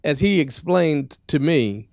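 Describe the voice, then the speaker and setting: A man, co-author of the book, adding points at a book talk, halting and repeating words as he builds his argument. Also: fairly high pitch, animated, creaky, a little mellow, no room sound, studio quality.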